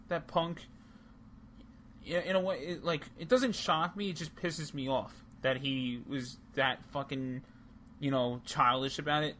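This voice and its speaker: A man's voice: on the high side, fairly even intonation, unhurried, a bit bright, a little hiss or hum. Heated, profane man ranting. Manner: heated, profane, rambling with restarts. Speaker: podcast co-host. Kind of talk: casual chat.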